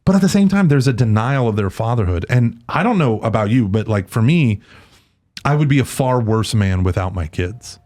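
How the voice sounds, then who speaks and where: A man's voice: medium pitch, normal speed. A man chatting as a podcast guest, telling stories animatedly and often slipping into other people's voices. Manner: animated storyteller, does voices and laughs often. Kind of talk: casual chat.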